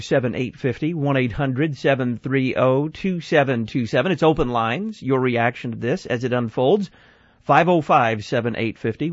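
A man's voice: mid-range voice, no echo. A man hosting a call-in radio show, questioning and commenting, repeating the phone number. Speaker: radio talk show host. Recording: dry, slightly dull studio sound.

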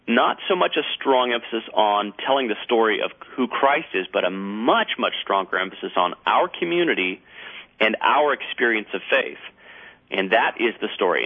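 A male radio guest explaining at length over the phone, pausing often with fillers and restarts. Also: fairly low pitch. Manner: halting, many fillers and restarts while explaining. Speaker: guest researcher on a radio show. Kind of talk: radio talk show. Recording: tinny phone line.

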